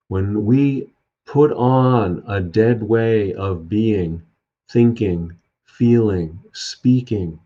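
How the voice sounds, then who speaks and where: Low-voiced man telling a reflective story. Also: dark tone. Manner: unhurried, hesitant with fillers. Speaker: storyteller and speaker. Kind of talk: reflective spiritual talk. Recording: dull lo-fi sound.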